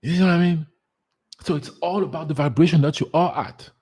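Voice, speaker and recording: On a casual solo livestream, a man speaks earnestly as a spiritual life coach, repeating words for emphasis and using fillers. His voice is a little high, slightly rough, and a touch mellow, and he talks a bit fast.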